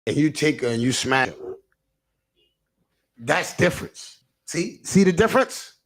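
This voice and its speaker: Gravelly man ranting on a livestream. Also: a little high, lively intonation, measured pace. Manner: rambling, repeats himself, stammers and restarts, answers chat comments. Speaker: livestream host. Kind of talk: casual livestream rant.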